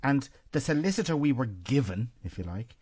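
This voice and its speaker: Man, podcast host, animated storyteller, casual swearing, conversational. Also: mid-range voice, fairly quick, husky. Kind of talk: casual interview chat.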